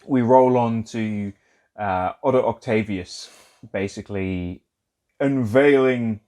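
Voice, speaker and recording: A young man co-hosting a casual film podcast, talking loosely and excitedly with lots of "like", swearing and laughing. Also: lowish voice, takes it slowly. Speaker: podcast co-host.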